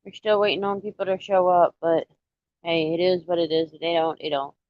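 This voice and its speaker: A woman's voice: fairly low pitch, steady tone, fairly quick, no room sound. Tired, sighing woman on a dull recording. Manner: tired, sighing, muttering to herself. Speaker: live streamer. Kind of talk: casual chat.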